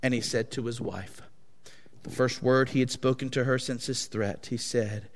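A man's voice: medium pitch, fairly even intonation. A male preacher telling a dramatic story in a sermon, in a solemn, weighty manner. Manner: slow, solemn and dramatic reading. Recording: long echo of a large hall.

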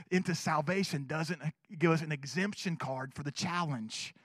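A male pastor preaching a sermon in a church. He is animated and swings between loud urging and hushed asides. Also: fairly high pitch, normal speed, few pauses, dry recording, clean studio sound.

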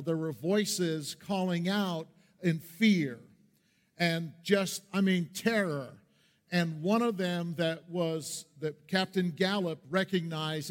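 A man from Pennsylvania, a pastor, preaching a sermon and telling a story in an earnest way, slowing down for the dramatic parts. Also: sits high. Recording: long reverb of a large hall.

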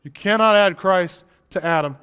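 A man's voice: sits high, normal speed, sharp tone, clean tone. A young adult man preaching a sermon, candid and conversational, rising into emphatic stretches.

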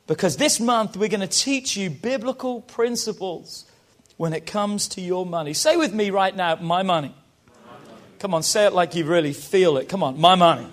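British man, pastor, high voice, rousing sermon, call-and-response with the congregation. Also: normal speed. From Britain. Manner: rousing, calls the congregation to repeat after him.

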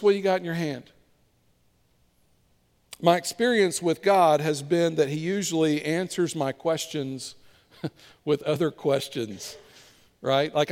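A pastor with a slightly high voice preaches a sermon in a big-sounding room. He tells stories with animation, acting out the voices of the biblical figures in them.

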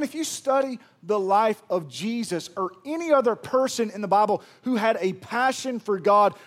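High-voiced animated male preacher. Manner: animated preaching, swings from loud emphasis to hushed; casual, conversational slang. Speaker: pastor. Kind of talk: sermon.

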